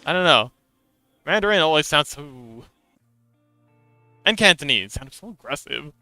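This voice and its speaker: On a dry, rough recording from a close mic with faint background music, a Hong Kong VTuber streamer talks casually to his chat as he models an avatar. His voice is on the high side, expressive, bright and forceful, moving a little slowly. He fills his speech with fillers and restarts.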